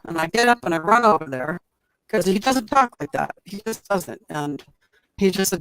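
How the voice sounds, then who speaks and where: A woman's voice: fairly low pitch, animated, moderate pace, fairly bright tone. A middle-aged woman telling her own story in a chatty, rambling way over a video call. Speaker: guest telling an encounter story. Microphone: computer mic on a video call.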